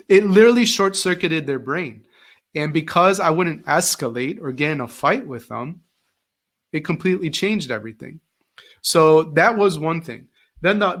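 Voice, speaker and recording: A middle-aged man, a former teacher, telling stories as an interview guest and acting out the voices he quotes. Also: fairly high pitch. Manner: animated, acts out quoted voices. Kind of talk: casual interview storytelling.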